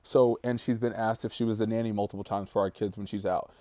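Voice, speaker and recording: Low, earnest man speaking from grief. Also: fairly even intonation, fast, dark tone, no room sound. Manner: earnest and reflective, stretching out heavy words. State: grieving. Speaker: vlogger. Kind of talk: personal vlog monologue.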